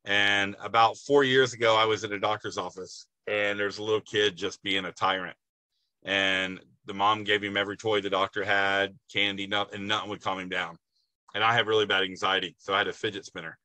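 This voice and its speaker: A man appearing as a guest on a casual podcast, telling stories in an animated way. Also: lowish voice, fairly quick, no room sound, low-quality recording. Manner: animated storyteller.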